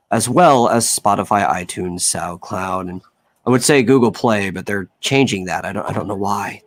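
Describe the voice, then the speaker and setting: A man co-hosting a live stream, chatting casually and plugging his podcast in a dry, wry way. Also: lowish voice. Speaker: co-host and podcaster. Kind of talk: casual chat, self-promotion.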